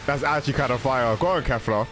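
A young man giving a casual, excited reaction commentary, often exclaiming and cutting himself off mid-sentence. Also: mid-range voice, fast, over music. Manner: exclaiming, self-interrupting, laughing. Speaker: reaction video host.

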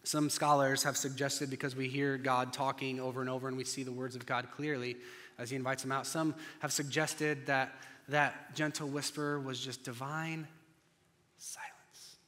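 Man preaching with bright, ringing tone. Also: mid-range voice, completely flat delivery, normal speed. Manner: dramatic storytelling, swings from loud to hushed. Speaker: pastor. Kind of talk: sermon. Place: church sanctuary. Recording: long church reverb.

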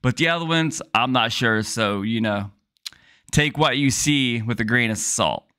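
Guy chatting over clips, kinda hesitant, smooth clear voice, no room echo. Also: mid-range voice, unhurried, clean studio sound. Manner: relaxed, hesitant, chuckling asides. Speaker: compilation video host. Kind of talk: casual reaction commentary.

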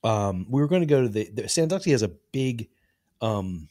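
A man's voice: mid-range voice, expressive, normal speed, warm tone, dry recording, studio quality. Rambling man telling a profane story. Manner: rambling, profane anecdote with acted-out quotes. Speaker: podcast co-host. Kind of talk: casual storytelling.

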